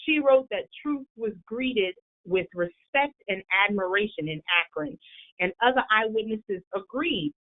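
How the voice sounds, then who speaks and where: A woman's voice: medium pitch, animated, measured pace. A woman presenter giving an explanatory history talk for a library program. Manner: explanatory, storytelling lecture. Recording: tinny phone-like line.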